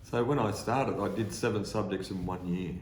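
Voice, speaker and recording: A man's voice: lowish voice, moderate pace, reverberant, slight background noise. An older Australian man, a podcast guest, telling stories casually and acting out the people in them. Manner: animated storyteller, acts out voices. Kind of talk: casual storytelling.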